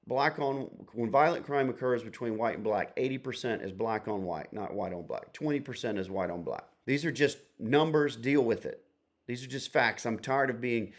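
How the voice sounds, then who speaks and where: A man hosting a solo opinion podcast, talking emphatically in lists and rhetorical questions. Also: mid-range voice. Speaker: podcast host. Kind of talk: opinion monologue.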